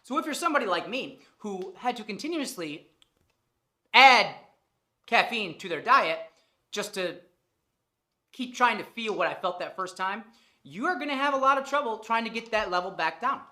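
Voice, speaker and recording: Brief: woman vlogger in her thirties, bright forceful voice, lively pitch, blunt and profane, hammers points with repetition. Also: moderate pace, long pauses. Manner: animated, profane, emphatic repetition. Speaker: fitness vlogger. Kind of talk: casual vlog monologue.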